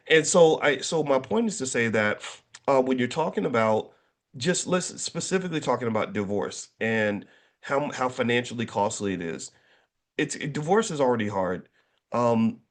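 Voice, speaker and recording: A middle-aged man talking casually to an audience, an animated storyteller who jokes and restarts his sentences often. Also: medium pitch. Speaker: finance educator and speaker.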